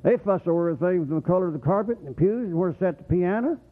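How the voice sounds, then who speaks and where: Male preacher, folksy rambling sermon, lively swooping pitch. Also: fast talker. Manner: animated, rambling, rising to excited whoops. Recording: tinny phone-like radio broadcast.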